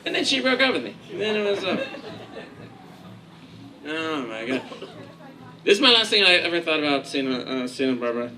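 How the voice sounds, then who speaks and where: A man's voice: fairly high pitch, big pitch swings, fairly quick, long pauses, pushed and bright. A man from Kansas doing a stand-up comedy set on a club stage, rambling, profane and playfully sarcastic. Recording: noisy live club recording.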